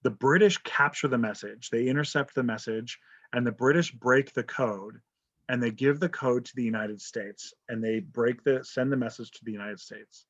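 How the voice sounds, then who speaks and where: Here a man teaches history online, chatting casually, joking, and checking in with "right?". His voice is medium-pitched and a bit bright, at normal speed. Video call audio, dull and lo-fi.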